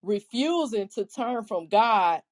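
Woman, podcast co-host, slow and earnest, a touch high, quotes scripture. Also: animated. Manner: earnest, talks in halting restarts, quotes scripture. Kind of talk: casual faith discussion.

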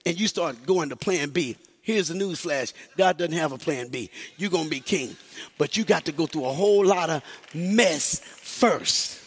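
A male pastor preaching a sermon, moving from quiet, slow talk to shouted, sing-song exhortation and calling on the congregation to answer. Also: fairly high pitch, husky. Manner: calls on the congregation to respond.

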